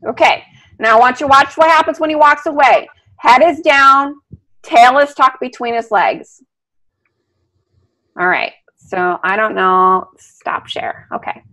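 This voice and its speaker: Woman dog trainer, high and bright, lively online teacher. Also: unhurried, low-quality recording. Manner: animated, talks through a video, asks the class questions. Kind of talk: live online lesson talking over video. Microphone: video call.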